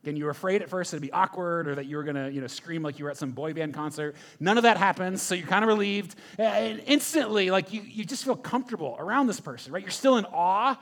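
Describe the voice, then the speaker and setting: A man preaching a sermon, telling a story with animated questions to the congregation. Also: sits high, fast, few pauses. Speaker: pastor.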